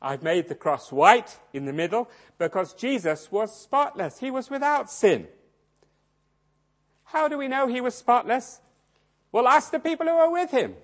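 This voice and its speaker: A man preaching a sermon, swinging dramatically between loud emphasis and hushed low tones. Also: very animated, unhurried. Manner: acts out quoted voices in his storytelling.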